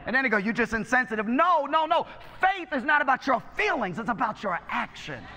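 A man's voice: very high voice, very animated, fairly quick, pushed and bright, in a large hall. A male pastor preaching a sermon, exhorting and calling out to his congregation. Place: church sanctuary.

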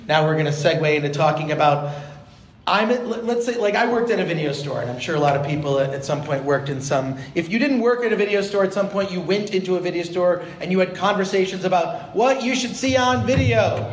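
Brief: male podcast host, high voice, rambling and eager, echoey live panel recording. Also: expressive, quick pace, slight background noise. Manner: eager, rambling presenter with many restarts. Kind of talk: hosting a live convention panel. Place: convention stage panel.

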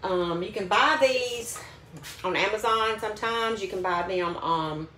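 A woman's voice: medium pitch, measured pace, bright, forceful tone, a little hiss or hum. A woman selling beauty products, talking casually and upbeat to her phone camera at home. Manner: chatty, upbeat, says "like" often. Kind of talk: casual vlog.

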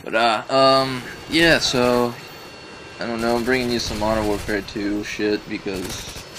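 A man's voice: medium pitch, fairly even intonation, measured pace, background noise. A man giving casual gameplay commentary, venting his frustration in rambling, profane talk full of fillers. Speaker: gaming video uploader.

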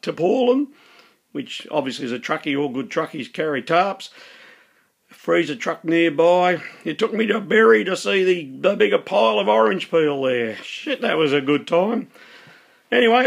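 Joking Australian man, high creaky voice. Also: fairly bright tone. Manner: joking, rambling, teasing. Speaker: friend sending a birthday message. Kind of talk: casual recorded birthday greeting.

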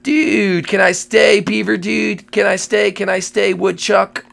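A lazy, drawling surfer-dude dinosaur, as a man acts him out in a Minecraft comedy role-play. His voice sits fairly high, crackles with heavy gravelly fry, and rolls out slow and easy, thick with slacker slang. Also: steady tone, a bit bright, heavily acted. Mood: laid-back. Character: laid-back surfer-dude male dinosaur thawed from ice.

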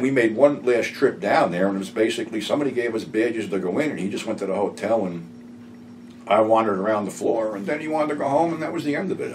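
Middle-aged man, crude rambling anecdotes, lively up-and-down delivery, a bit off-mic, faint hiss. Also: on the low side. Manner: profane, rambling storytelling. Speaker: YouTube storyteller. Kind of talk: casual anecdote telling. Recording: slightly distant mic, faint room noise.

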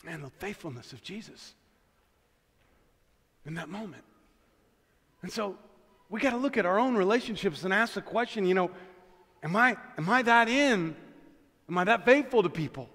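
A man preaching a sermon as pastor, dropping to a hush and then building to shouts, repeating his key phrases. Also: high voice, lively intonation, moderate pace, long pauses. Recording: long church reverb.

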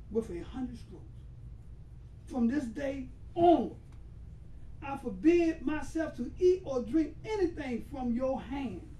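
A man voicing a patient, suffering old prophet who speaks slowly in a low, soft, solemn voice. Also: heavily acted. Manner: slow, hushed, solemn. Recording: roomy hall, voice far from mic.

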